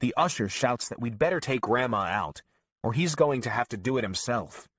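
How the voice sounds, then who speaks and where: A man narrating an audiobook in a lively storytelling manner. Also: medium pitch, moderate pace, dry recording, clean studio sound. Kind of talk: scripted narration.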